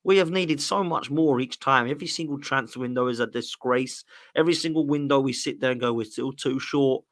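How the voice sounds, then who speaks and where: A man's voice: mid-range voice, brisk, fairly bright tone. A man in a casual football chat, ranting with exasperation and slang. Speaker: guest co-host.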